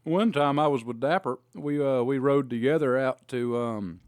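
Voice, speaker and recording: A man's voice: medium pitch, normal speed, darkish tone, smooth, no room sound, clean studio sound. A man telling rambling road stories in casual chat as a podcast co-host, with lots of fillers and restarts. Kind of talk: casual storytelling.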